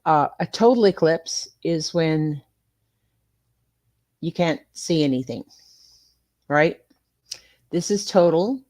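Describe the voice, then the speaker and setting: An older American woman with a lowish voice hosts a live stream, chatting casually. She reads viewer comments aloud and mutters to herself while fumbling with her streaming software.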